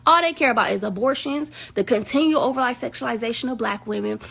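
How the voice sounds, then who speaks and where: A woman's voice: fairly high pitch, fast, gravelly, fairly bright tone, breathy edge. A woman with ranting in a blunt, sarcastic, mocking monologue. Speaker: woman in a clip being reacted to. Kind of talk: ranting social media monologue.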